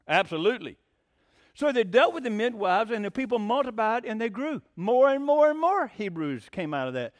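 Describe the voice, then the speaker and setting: Male preacher, high-pitched, folksy and excitable, close dry recording. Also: normal speed, no echo. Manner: excitable, rising to near-shouting, rhetorical questions; folksy, plain-spoken. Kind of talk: sermon.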